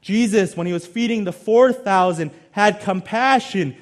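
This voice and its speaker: A male pastor preaching a sermon, swinging between loud emphasis and quiet, low asides. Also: normal speed.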